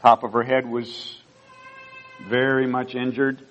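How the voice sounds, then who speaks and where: A man's voice: mid-range voice, level tone, a little slow, fairly bright tone, muffled recording. An older man, a pastor, telling personal stories in a sermon in an earnest, heartfelt way. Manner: earnest storytelling, rising emotion at key moments.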